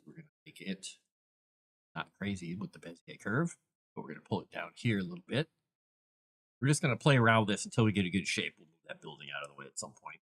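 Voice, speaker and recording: A man with a low but very animated voice talks through his work step by step. He chats casually to viewers and to his cat as he goes. His delivery is relaxed, live-stream commentary. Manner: thinks aloud while working, chats to viewers and his cat. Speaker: author and live-stream host.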